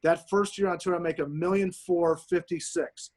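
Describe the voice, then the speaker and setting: Profane storytelling man, slightly high voice. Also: moderate pace. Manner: profane, animated anecdotes. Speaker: podcast guest, pro golfer. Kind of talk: casual storytelling.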